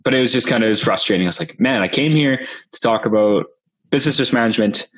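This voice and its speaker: A young man, a podcast guest telling a story in a lively way, often laughing and acting out what others said. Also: mid-range voice, fast. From Manitoba, Canada. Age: young adult. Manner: animated, laughs often, acts out quoted voices. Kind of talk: casual storytelling.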